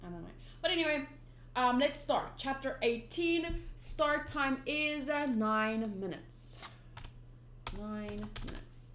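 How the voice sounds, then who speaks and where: A young woman rambling casually at home, full of ums and little laughs, reading through a comic for her channel. Her voice is a touch high, and the room gives it a clear echo. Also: expressive, takes it slowly, fairly bright tone, a little hiss or hum. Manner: rambling, lots of ums, giggly asides. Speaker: manga reader and channel host. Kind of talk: casual chatty readthrough. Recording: roomy echo.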